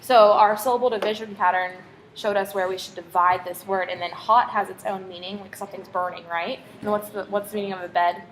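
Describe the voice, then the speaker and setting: A woman's voice: mid-range voice, steady tone, a little fast, slight background noise. Patient woman teacher prompting a pupil. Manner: patient, encouraging, full of prompting questions. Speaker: reading teacher. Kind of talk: one-on-one phonics tutoring.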